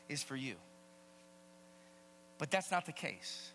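A man preaching a sermon as a pastor, emphatic and animated, swinging between loud emphasis and hushed asides. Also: sits high, a little slow, long pauses. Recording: long hall reverb with faint mains hum.

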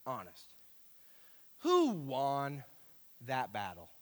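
Animated male preacher in an echoing hall. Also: medium pitch, extremely slow. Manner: animated, emphatic, repeats key phrases. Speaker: pastor. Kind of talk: sermon. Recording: echoey hall.

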